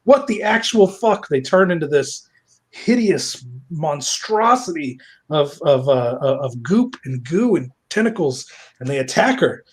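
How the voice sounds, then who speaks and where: Raspy guy recapping a story, lots of ums and swearing, kinda high voice. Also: very animated, measured pace. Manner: rambling, profane, lots of fillers. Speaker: reviewer. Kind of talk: casual spoken retelling.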